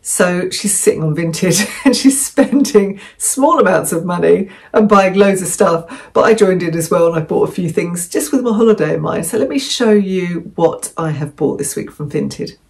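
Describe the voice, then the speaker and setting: A woman's voice: on the low side, animated, normal speed, gravelly, hardly any pauses, a little mellow. A chatty woman from England talking casually through a secondhand clothing haul, rambling and correcting herself as she goes. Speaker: vlogger.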